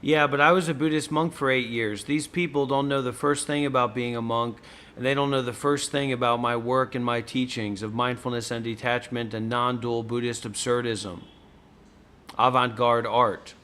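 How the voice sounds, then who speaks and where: A man's voice: medium pitch, steady tone, moderate pace, a bit bright, slight background noise. A man hosting a casual stream, pressing with insistent, pointed questions. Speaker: host. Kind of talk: casual livestream chat.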